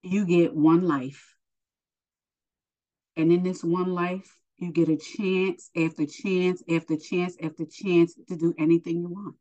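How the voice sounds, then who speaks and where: A woman's voice: fairly low pitch, fairly even intonation, measured pace, warm tone, muffled recording. A woman preaching informally and earnestly, encouraging the listener and addressing them as honey, emotional and close to tears. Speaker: spiritual teacher.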